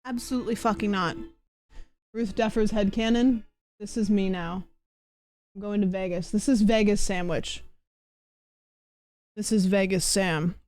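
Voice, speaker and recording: A woman's voice: mid-range voice, fairly even intonation, a little slow, long pauses, dark tone. A woman streamer chatting casually and playfully, giggling and swearing as she talks. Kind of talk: casual livestream chat.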